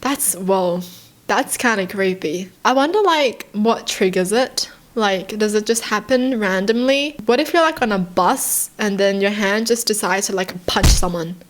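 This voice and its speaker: This is a young woman chatting casually as she reacts on her own channel. She sounds curious and easily excited, and piles up questions one after another. Her talk is full of "like" and loose, chatty asides. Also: mid-range voice, slight background noise. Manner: excitable and curious, heavy use of "like", rapid questions. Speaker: vlogger reacting to read-out stories.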